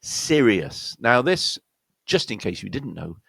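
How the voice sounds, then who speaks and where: A man with a British accent teaching pronunciation, slowing down to spell out words with exaggerated care. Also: medium pitch, big pitch swings, gravelly, bright, forceful tone, slightly rough, no room sound. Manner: slow, exaggerated demonstrations of words. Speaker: accent coach. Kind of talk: pronunciation lesson.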